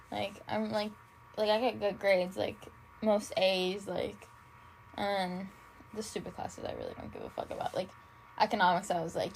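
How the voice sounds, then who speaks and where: A tired young woman with a mid-range, darkish voice hosts a solo podcast in a casual, rambling way. She swears freely and fills nearly every phrase with "like," gushing in a manner she owns is dramatic. The low-quality recording carries slight background noise.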